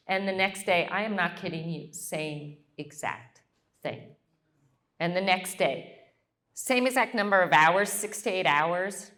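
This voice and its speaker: Middle-aged woman, lowish voice, lively guest speaker who performs the voices in her anecdotes. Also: normal speed. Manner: animated, acts out quoted voices. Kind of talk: storytelling Q&A.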